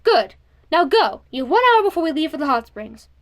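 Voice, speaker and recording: A woman's voice: high voice, big pitch swings, brisk. Woman reading as a stern, strict chaperone. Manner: stern, commanding.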